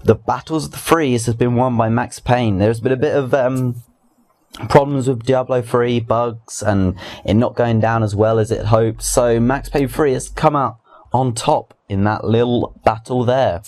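A man's voice: mid-range voice, steady tone, measured pace, a little mellow. A young man hosting a casual weekly gaming news roundup, chatty and rambling, with restarts and asides. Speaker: gaming video host.

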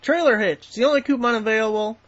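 A man's voice: high-pitched, lively intonation, normal speed, a bit bright, no room sound, highs cut off. A man hosting a tool deals channel, talking casually and bluntly with plenty of swearing as he goes through coupons. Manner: blunt, profane, easily riled. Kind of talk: casual vlog rant and coupon rundown.

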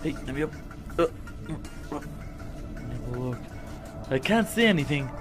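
A man's voice: on the high side, animated, unhurried, over music. A man voicing an anxious, talkative young male shark hero in a Minecraft role-play, stammering and rambling when scared. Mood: nervous, cautious.

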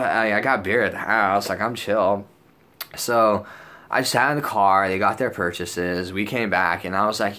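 A young male vlogger tells a story casually in a fairly low voice at normal speed, his tone pushed and bright. He rambles and swears, peppering everything with "like" and "dude," and acts out his own past lines in a raised voice.

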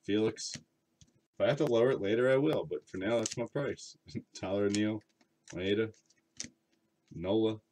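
A man's voice: on the low side, measured pace, long pauses, a little mellow, a little hiss or hum. A man hosting a card break live stream, chatting casually with viewers and reading out card names between rambling remarks. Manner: chatty, rambling, reads card names aloud while talking to chat.

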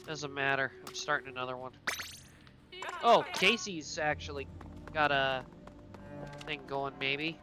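A man's voice: mid-range voice, a little slow, long pauses. A man streaming an online game, chatting casually and swearing when things go wrong. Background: loud game music.

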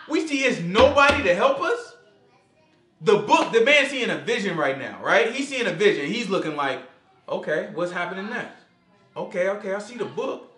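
A man leading an informal Bible study, lively and acting out scenes in quoted voices. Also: very high voice. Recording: echoey room.

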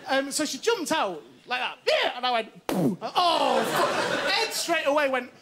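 Over heavy background noise and loud laughter from a TV studio audience, a male comic acts out the people in his stand-up story. His voice is very high-pitched and very animated, though his pace is measured.

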